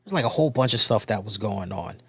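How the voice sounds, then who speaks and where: A man's voice: lowish voice, lively intonation, fast, gravelly, bright, forceful tone, husky, no echo. A man hosting a wrestling review show, talking in a casual storytelling way and repeating points for emphasis.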